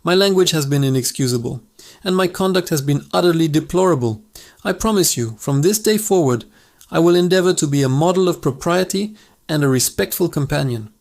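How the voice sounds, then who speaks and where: A man's voice: on the high side, animated, measured pace, a little mellow. A man voicing a foul-mouthed pet parrot in a told joke, with a scratchy squawking voice. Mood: stiffly polite. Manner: insulting and brash, later stiffly over-polite.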